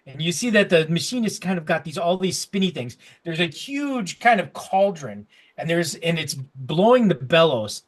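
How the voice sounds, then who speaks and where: A man's voice: on the high side, big pitch swings, moderate pace, hardly any pauses. A man narrating a tabletop game as game master, rambling with restarts as he describes the scene. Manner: rambling, full of fillers and restarts.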